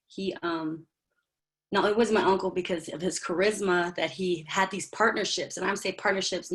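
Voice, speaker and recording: A woman giving an informal, earnest talk on a video call, halting often with fillers and restarts. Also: fairly low pitch. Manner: heartfelt, earnest. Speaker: presenter at a virtual working group meeting. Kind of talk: informal spoken presentation.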